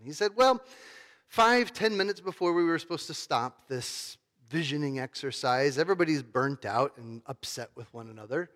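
A male pastor giving a sermon in a conversational storytelling manner, swinging between loud emphasis and hushed, quiet tones. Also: a little high, lively intonation, moderate pace, long reverb tail.

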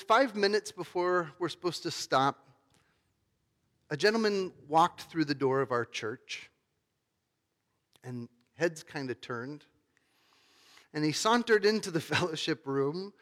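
A male pastor giving a sermon in a conversational storytelling manner, swinging between loud emphasis and hushed, quiet tones. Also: fairly high pitch, measured pace, long pauses, long reverb tail.

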